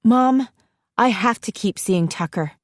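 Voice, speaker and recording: A woman narrator voicing an upset, defiant teenage girl who pleads in a raised, higher voice. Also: animated, measured pace, no room sound, clean studio sound. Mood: pleading.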